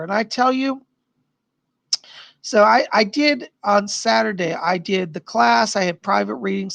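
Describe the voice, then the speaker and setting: A man's voice: high-pitched, vocal fry, fairly bright tone, slightly rough, no room sound. A man hosting a live stream as a psychic, chatting casually with viewers in a bubbly, gushing way and laughing often.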